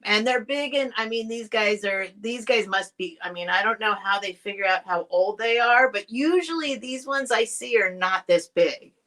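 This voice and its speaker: A woman's voice: mid-range voice, moderate pace, hardly any pauses, pushed and bright. A woman hosting a live stream from a home setup. She chats casually and directly to viewers, rambling and restarting her sentences. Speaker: host selling vintage items on a live stream. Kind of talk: casual live sale chat.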